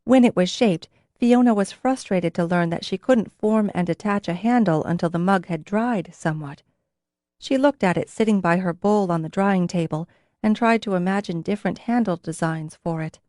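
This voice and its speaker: A woman reads a fantasy audiobook aloud in a steady, measured storytelling voice. Her pitch is fairly low, and the scripted narration is recorded dry with clean studio sound.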